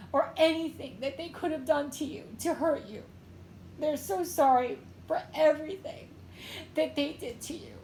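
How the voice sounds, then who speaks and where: A woman tarot reader and medium giving an emotional, tearful reading with a slow, pleading delivery. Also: sits high, darkish tone, reverberant, a little hiss or hum.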